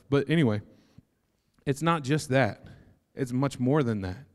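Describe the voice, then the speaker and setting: A young man preaching a sermon, animated and joking, breaking into excited shouts. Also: mid-range voice. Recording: long hall reverb.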